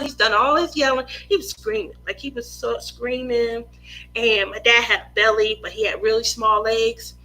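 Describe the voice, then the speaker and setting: A woman, a mother of two, hosting a craft livestream and telling a family story in a lively, laughing way, often acting out other people's lines. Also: on the high side, rough recording. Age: adult mother of two.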